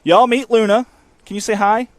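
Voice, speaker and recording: A man hosting a live high school football pregame show from the press box, folksy and rambling with teasing asides. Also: steady tone, moderate pace, a little hiss or hum. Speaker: sports broadcast host.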